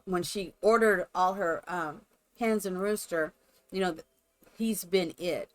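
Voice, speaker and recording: A woman live streamer chatting casually and rambling to her viewers while she builds in a game. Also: on the low side. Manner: chatty, rambling, talks to chat.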